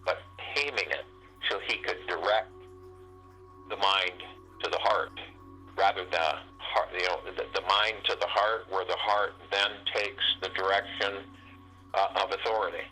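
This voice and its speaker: A man hosting a group meditation call, giving a spiritual teaching talk in a halting, repetitive way that keeps circling back to key phrases. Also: fairly low pitch, expressive, pushed and bright, low-quality recording. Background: faint meditation music.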